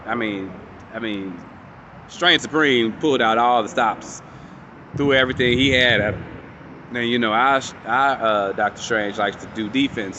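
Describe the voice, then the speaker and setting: Guy doing an episode recap, lively and casual, cusses a bit, bright punchy voice, light hum in the background. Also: medium pitch, dull audio. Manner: animated storytelling, acts out quotes, swears casually. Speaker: show reviewer.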